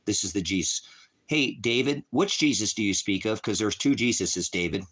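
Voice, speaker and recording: A man on a livestream, ranting about scripture at his chat, swearing and taunting, dropping from low mutters to high shouts. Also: lively intonation, normal speed, slightly rough. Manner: profane, taunting, mocking laughter. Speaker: livestream preacher. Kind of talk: heated livestream rant at chat.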